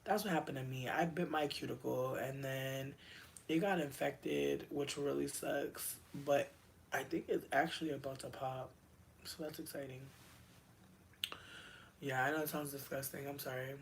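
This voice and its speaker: A livestreamer chatting casually with viewers in a rambling, profane way, with quick asides, bursts of excitement and lots of slang. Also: medium pitch, gravelly, a little hiss or hum.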